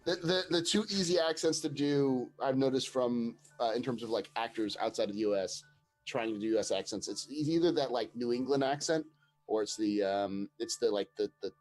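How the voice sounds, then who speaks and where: A man's voice: medium pitch, fairly quick, faint music behind, rough recording. A man chatting casually as a co-host of a tabletop game show, often restarting his sentences. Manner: stammering restarts, laughing easily. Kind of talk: casual chat.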